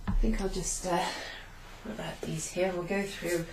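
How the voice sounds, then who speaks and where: At a normal pace and in a steady tone, a woman with a voice on the low side patiently reviews a beginner Italian class, repeating phrases. She writes on the whiteboard as she goes, turning away at times. A faint hum sits under the room's echo.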